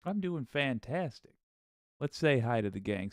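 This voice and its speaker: A man's voice: medium pitch, very animated, measured pace, dry recording, studio quality. A man hosting a casual live stream, greeting his viewers by name in an upbeat way and often restarting his sentences. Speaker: livestream host.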